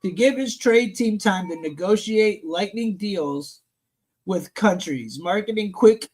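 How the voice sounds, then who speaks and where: Brash, profane live stream host. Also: male voice, high voice, a little slow, a little mellow. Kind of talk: casual news rant on a live stream.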